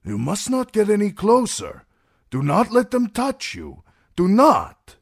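A man voicing a fierce, protective warrior who shouts urgent warnings. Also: sits low, big pitch swings, slow, gravelly, slightly rough, no room sound, clean studio sound, heavily acted. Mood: alarmed.

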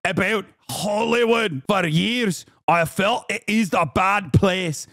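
A man's voice: high-pitched, slow pace, fairly bright tone, no room sound, studio quality, exaggerated voice. A man putting on an indignant Scottish woman commentator with a Scottish accent, in an exaggerated mocking delivery.

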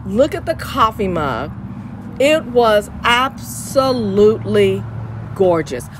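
A woman's voice: medium pitch, sing-song, slow, noisy background. A woman with an East Texas Southern accent hosting Christian radio, talking in an exuberant, preachy way and repeating her phrases. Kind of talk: lively radio chat.

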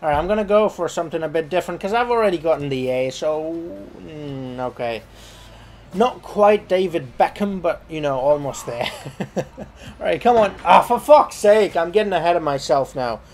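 A young man hosting a let's play, commenting in an excitable, joking, profane way. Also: fairly high pitch, normal speed, a little hiss or hum. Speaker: gaming channel host.

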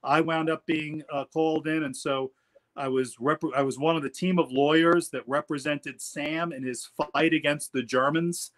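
A man's voice: fairly high pitch, steady tone, moderate pace, a bit bright. A middle-aged man, an attorney guest, telling stories in casual interview talk and often repeating words as he goes.

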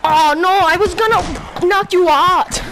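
A man's voice: unhurried, noisy background. A young man voicing a boastful Soviet Russian boxer in a mock Russian accent while playing a boxing game. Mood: taunting. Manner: high-pitched, loud put-on boasting. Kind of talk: joking role-play during a VR boxing game.

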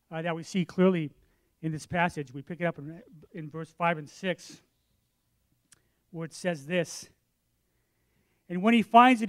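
A man with a notably high voice preaches from the pulpit of a church. He tells his stories with animated energy and acts out the voices of the people in them. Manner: animated storytelling, acts out his own voice and others'. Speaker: pastor. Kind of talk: sermon. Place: church sanctuary.

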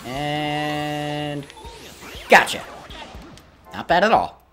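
A man narrating his gameplay in a casual, running commentary, quick to curse and plead when things go wrong. His pitch is lively and leaps around between calm remarks and sudden outbursts. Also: soft background music. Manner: easily frustrated, swears and pleads at the game. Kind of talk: let's play commentary.

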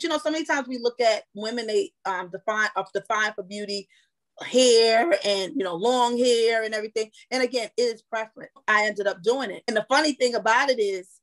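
A woman guest in a podcast interview, telling a personal story in an animated, laughing way. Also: on the high side.

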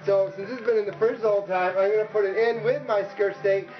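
High-voiced chatty male cooking host. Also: fairly even intonation, fast, dull audio, faint music behind. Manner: chatty, joking, upbeat. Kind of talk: casual cooking vlog.

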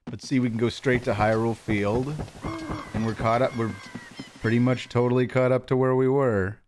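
A man's voice: mid-range voice, moderate pace. A man streaming a video game, chatting casually and answering his viewers as he plays. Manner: relaxed, chatty, reads and answers chat. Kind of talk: casual live-stream gameplay chat. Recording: game music behind the voice.

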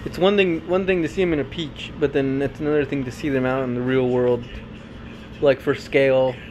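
A man's voice: mid-range voice, fairly even intonation, fairly quick, noisy background. A man giving rambling, profane, joking commentary on a film while carving pumpkins at home. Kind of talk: casual chat.

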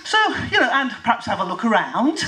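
A woman performing a comic spoken word monologue at a live venue, with animated, self-mocking exaggeration. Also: fairly high pitch, a little fast, low-quality recording.

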